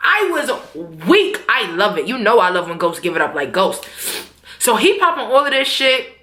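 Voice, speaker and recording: A woman's voice: medium pitch, normal speed. A young woman recapping a TV episode in a casual, slangy, profane way, acting out the characters' lines. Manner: animated, slangy and profane, acts out quotes. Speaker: TV recap vlogger. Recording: echoey room.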